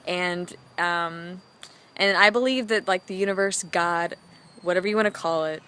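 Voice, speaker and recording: A woman vlogger telling a personal story in a chatty, animated way, full of "like" fillers. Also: fairly low pitch, normal speed, a little hiss or hum.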